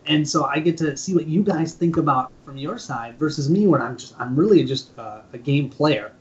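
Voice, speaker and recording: A man's voice: on the high side, moderate pace. A man with a Minnesotan accent, a board game channel host chatting casually on a live stream and laughing often. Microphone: phone earlier, now mic. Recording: dull lo-fi stream audio.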